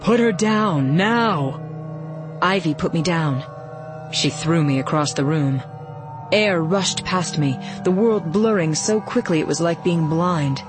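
A woman reading a first-person novel aloud in a steady, even storytelling voice. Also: deep voice, measured pace, over music. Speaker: audiobook narrator.

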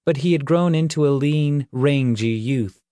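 A man reading a fantasy novel aloud as an audiobook narrator, with measured storytelling. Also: fairly high pitch, warm tone, dry recording, studio quality. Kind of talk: scripted narration.

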